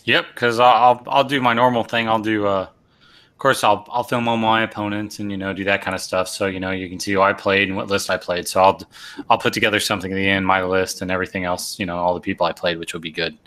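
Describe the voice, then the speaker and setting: A man's voice: sits low, fairly even intonation, fast talker, pushed and bright. A man hosting a casual live show about tabletop wargaming, explaining tactics step by step and often repeating his words.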